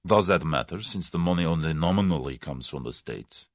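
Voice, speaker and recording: A man voicing Boris, a cynical conspirator who speaks softly and sinisterly. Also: very deep voice, animated, brisk, dry recording, studio quality. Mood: sly. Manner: soft, sinister, amused.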